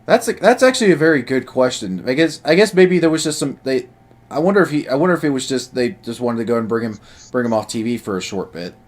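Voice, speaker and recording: A man's voice: mid-range voice, expressive, fast. A man co-hosting a casual wrestling podcast, talking hesitantly with many restarts and reading out chat. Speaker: podcast co-host.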